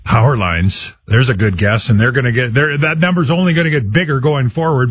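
A man's voice: medium pitch, fairly quick, few pauses, a bit bright, husky, no echo, studio quality. A man hosting a live call-in radio quiz show, chatty and upbeat, taking listener guesses. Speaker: radio talk show host.

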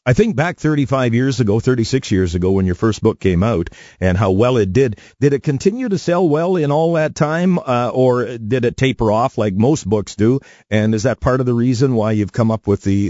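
A man's voice: medium pitch, animated, normal speed, dark tone, dry recording. A man hosting a radio finance show and interviewing a guest in a friendly, conversational way. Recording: dull lo-fi broadcast sound.

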